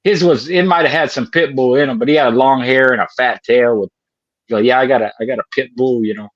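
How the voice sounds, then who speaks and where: A man's voice: mid-range voice, fast talker, no room sound. Folksy older male co-host, laughing storyteller, very dry close sound, muffled. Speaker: podcast co-host. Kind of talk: casual storytelling chat.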